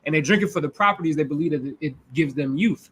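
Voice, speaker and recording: A man's voice: fairly high pitch, fast talker, slightly rough. A man with a Midwestern American accent preaching a conversational sermon, talking casually with his listeners and often restarting his sentences. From United States. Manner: loose and informal, talks back and forth with the congregation, frequent restarts.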